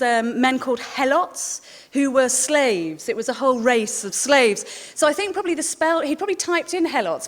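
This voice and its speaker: A woman historian and author giving a lively, chatty talk to a live audience. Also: high voice. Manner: lively storyteller, chatty asides. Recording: long reverb of a large hall.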